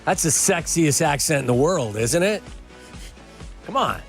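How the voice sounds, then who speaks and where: A man's voice: a little high, expressive, a little slow, faint music behind. A married man co-hosting a sports radio talk show, speaking in a dry, matter-of-fact way with some teasing. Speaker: radio co-host. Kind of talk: casual sports radio chat.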